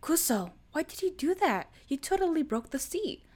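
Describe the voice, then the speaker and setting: A woman voicing a jumpy, easily flustered teenage boy who whines and gets loud when nervous. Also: high-pitched, big pitch swings, normal speed, voice pushed up.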